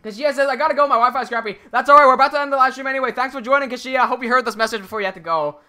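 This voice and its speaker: A chatty man from Hong Kong with an American-sounding accent, talking on a casual game livestream. His voice is bright and clear, and he reads viewer messages and restarts his sentences often. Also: extremely high pitch, rapid-fire. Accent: American-sounding English. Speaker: Minecraft livestreamer. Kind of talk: casual livestream chat while building.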